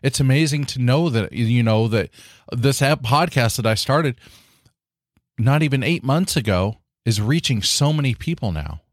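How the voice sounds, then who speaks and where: A man's voice: mid-range voice, lively intonation, normal speed, no echo, clean studio sound. Earnest man hosting a podcast. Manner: earnest, encouraging, many "you know" fillers. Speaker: podcast host. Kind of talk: casual solo podcast talk.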